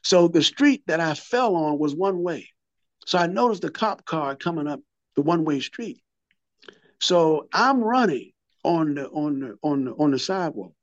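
A man's voice: fairly high pitch, lively intonation, moderate pace, no room sound, dull audio. A man in his fifties or older, telling his recovery story in an interview, a vivid storyteller who repeats and restarts his words and acts out what people said.

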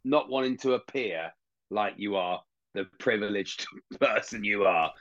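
A man's voice: on the low side, a little slow, a bit bright, highs cut off. A man co-hosting a podcast, chatting casually in a jokey, rambling way with mocking asides. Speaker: podcast co-host. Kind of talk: casual chat.

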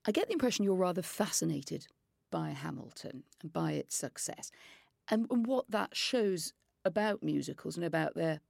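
A woman's voice: fairly low pitch, expressive, normal speed, creaky, a little mellow, no room sound, studio quality. A woman hosting an interview, asking direct, probing questions. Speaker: interviewer, host. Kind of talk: conversational interview.

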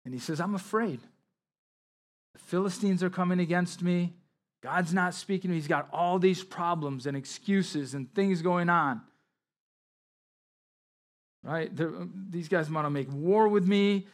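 Preaching pastor with emphatic rises. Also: male voice, high-pitched, unhurried, pauses often. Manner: expository preaching, reads scripture aloud with emphatic rises. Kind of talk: sermon.

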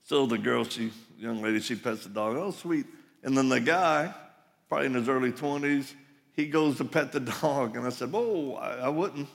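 A man's voice: mid-range voice, normal speed, creaky. A man preaching a live conference sermon, telling folksy stories with asides. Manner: folksy storytelling with laughs and asides. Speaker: conference speaker. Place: large hall, live audience. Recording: reverberant hall.

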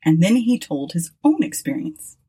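A woman narrating a story aloud in an expressive, dramatic reading style. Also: fairly low pitch, normal speed, husky.

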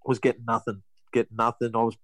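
A man's voice: medium pitch, completely flat delivery, fast talker, no echo, low-quality recording. A young Australian man telling a story in a casual interview, rambling, with many restarts. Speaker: guest, rugby league player.

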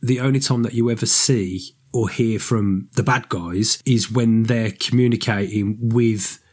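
A man's voice: on the low side, a little slow, slightly rough. A man co-hosting a podcast, chatting casually about a book and its film, rambling and correcting himself. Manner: rambling, self-correcting, animated. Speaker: podcast co-host.

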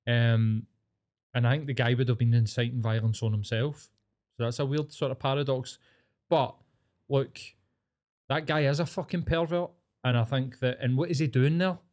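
Scottish guy on a podcast, swears constantly, gets worked up, mid-pitched voice. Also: moderate pace. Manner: sweary, ranting, animated. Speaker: podcast co-host. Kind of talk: casual chat.

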